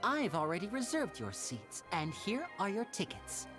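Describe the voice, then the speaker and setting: A showy young stage magician speaks with smooth, gracious flair. His voice rises and falls with life, over faint music from the game. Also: high voice, huge pitch swings, moderate pace.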